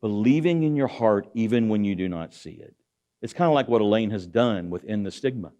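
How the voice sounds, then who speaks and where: A man's voice: fairly low pitch, animated, a little fast, mellow. Man preaching motivation to an audience. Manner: rhetorical, calls out to the audience. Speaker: guest speaker. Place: auditorium.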